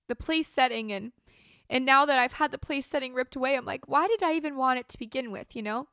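A woman's voice: fairly high pitch, gravelly, a bit bright, no room sound, studio quality. A young woman host talking through a casual, rambling personal monologue, emotional and tearful, with many fillers. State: crying. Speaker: podcast host.

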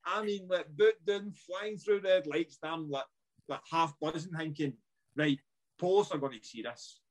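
A Scottish man in his thirties spins a lively yarn on a podcast, slightly high voice, swearing freely and slipping into the voices of the people in his story. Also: moderate pace. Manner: animated, laughing, swearing, acts out dialogue. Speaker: podcast guest, former footballer. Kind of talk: casual chat, storytelling.

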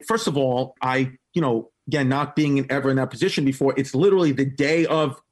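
During a casual podcast chat, a guest comedian tells an animated story, speaking a little fast. He keeps breaking into laughter and jumps up in pitch to imitate quoted voices.

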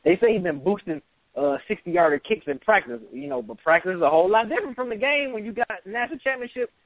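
Excited high-voiced man on a tinny line. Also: fast talker, no room sound. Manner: excited, animated storytelling with laughter. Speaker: podcast co-host. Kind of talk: casual sports chat. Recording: tinny phone-like sound.

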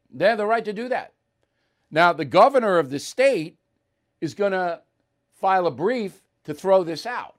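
A male host talks in a slightly raised register. He delivers blunt, combative commentary and breaks into mocking asides. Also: a little high. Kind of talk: opinionated commentary.

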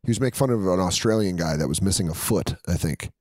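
A man in his thirties, a comedian in casual chat, telling stories animatedly and jumping up high when he quotes people. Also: fast talker, no room sound. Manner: animated storytelling, jumps up high for quoted voices. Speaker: comedian, podcast host.

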